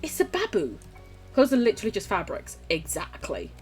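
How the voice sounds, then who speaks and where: Lively British woman streamer chatting. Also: on the high side, moderate pace, breathy edge, faint music behind. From United Kingdom. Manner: chatty, swears freely, laughs often. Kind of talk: casual chat while gaming and reading chat.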